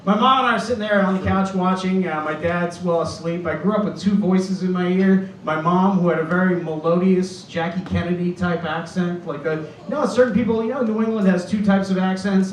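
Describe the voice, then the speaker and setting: A man's voice: high-pitched, a little hiss or hum. A man in his fifties from Boston doing a stand-up set on a club stage, rambling and self-deprecating. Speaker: stand-up comedian. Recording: roomy club, from far off.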